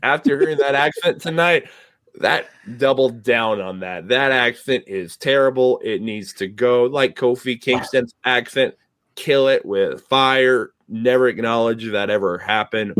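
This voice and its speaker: A man's voice: mid-range voice, fairly bright tone, no room sound, studio quality. A man hosting a casual podcast, joking and teasing his co-hosts in loose, rambling talk. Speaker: podcast host. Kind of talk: casual chat.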